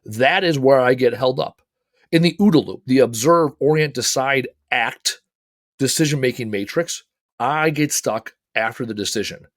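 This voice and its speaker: Energetic man hosting a motivational talk. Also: mid-range voice, normal speed, no echo, studio quality. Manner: energetic, emphatic, casual swearing. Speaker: host.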